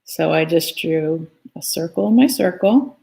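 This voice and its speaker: A woman's voice: low-pitched, lively intonation, a little slow, creaky, dark tone. A woman teaching a live online drawing lesson in a chatty, playful way, talking as she draws. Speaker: art teacher. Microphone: phone.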